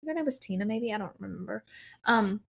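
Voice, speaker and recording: A woman's voice: brisk, gravelly. A young woman, co-hosting a podcast and telling stories in casual chat, acting out what others said. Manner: chatty storyteller, acts out quotes with lively pitch jumps. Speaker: podcast co-host.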